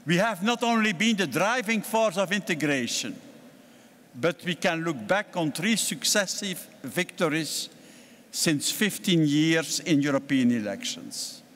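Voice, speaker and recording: An older Belgian-accented man delivers a formal speech as a party president, his voice pitched a little high for a man. He speaks in a measured, deliberate way, leaning hard on key words. His voice rings out with the long reverb of a large congress hall. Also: expressive, a bit bright. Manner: measured, deliberate oratory with emphatic stresses.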